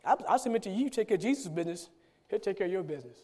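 A man's voice: high voice, lively intonation, racing, darkish tone. A man, a pastor, preaching a sermon with emphatic repetition and rhetorical questions.

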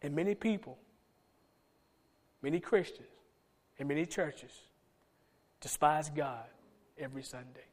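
A middle-aged man preaching a sermon, swinging between loud emphatic calls and soft low asides. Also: animated, unhurried, pauses often. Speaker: pastor.

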